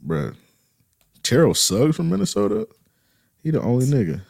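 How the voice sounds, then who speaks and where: A man's voice: medium pitch, wildly swooping pitch, moderate pace, creaky, a little mellow, no echo, clean studio sound. A man co-hosting a casual chat, bantering loosely with heavy slang.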